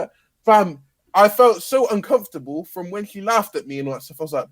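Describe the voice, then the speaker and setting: Young guy, slangy laid-back storyteller, bit high voice, dry close sound. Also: animated, brisk, dry recording. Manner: laid-back, slangy, quotes himself and others. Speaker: podcast guest. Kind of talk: casual storytelling chat.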